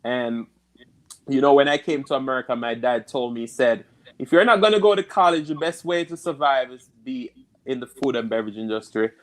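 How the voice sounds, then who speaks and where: A man from Jamaica with a Jamaican accent, telling stories in a relaxed interview chat and laughing easily. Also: medium pitch, a little fast. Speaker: guest.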